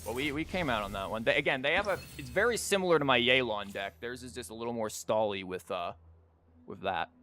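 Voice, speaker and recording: His mid-range voice is expressive, fairly quick and pushed and bright, even though his throat is sore and his voice is going. This streamer and teacher rambles casually with fillers as he comments on a card game, game music playing behind him.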